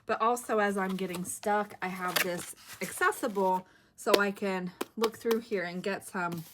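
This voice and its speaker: A woman's voice: medium pitch, fairly even intonation, measured pace, background noise. A middle-aged woman hosting a craft video, chatting casually and thinking aloud as she works. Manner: chatty, giggly, thinks aloud while working. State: a bit winded.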